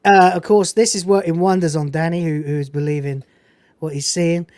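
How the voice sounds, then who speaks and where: A woman's voice: on the low side, normal speed, dry recording. A woman hosting a podcast, giving a casual, swearing-filled, digressive recap of a film scene. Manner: animated, profane, digressive. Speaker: podcast host.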